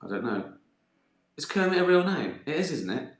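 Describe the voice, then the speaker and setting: Big pitch swings mark this middle-aged man's slightly high voice as he chats at a moderate pace in a roomy room. Hosting a livestream and fielding viewer questions, he rambles, swears and laughs at the stories he tells.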